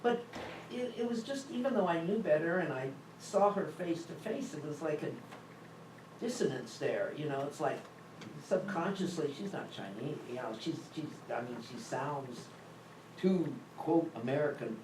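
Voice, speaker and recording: A man in a church group sharing a personal anecdote in a casual, animated way. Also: on the high side, moderate pace. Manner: animated storyteller, laughing as he tells it. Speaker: group member. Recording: echoey room, far mic, audible noise.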